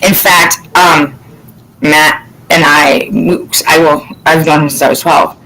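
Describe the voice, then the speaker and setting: A woman from Florida in casual chat as host, telling lively stories and swearing freely. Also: low voice, takes it slowly, slight background noise, poor audio. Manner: animated storytelling, swears freely.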